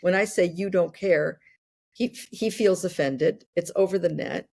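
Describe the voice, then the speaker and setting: A woman in her sixties, a podcast guest, explaining ideas through worked examples in a relaxed conversational way. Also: lowish voice, moderate pace, creaky. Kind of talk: conversational interview.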